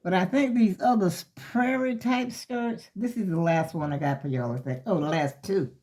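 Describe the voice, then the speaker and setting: An older woman vlogger shows off her skirts, chatting casually and ramblingly to her viewers, calling them y'all, and sounding a little out of breath. Her voice is fairly low, mellow, and moderately paced.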